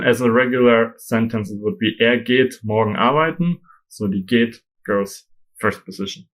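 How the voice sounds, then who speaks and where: A man's voice: medium pitch, poor audio. Man teaching a grammar lesson. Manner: explains slowly with German examples. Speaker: German teacher.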